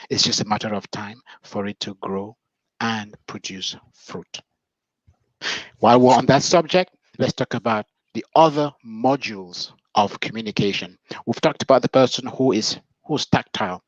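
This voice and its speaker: A man working as a relationship coach, talking about communication in a measured, preacherly, reflective way. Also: medium pitch, no echo. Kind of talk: motivational advice talk. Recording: dull, dry lo-fi sound.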